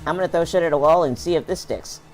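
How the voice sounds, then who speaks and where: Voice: medium pitch, quick pace, soft background music. A streamer casually commenting while playing a video game, rambling and restarting sentences. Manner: rambling, self-interrupting, laughs a lot. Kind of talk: casual let's-play commentary.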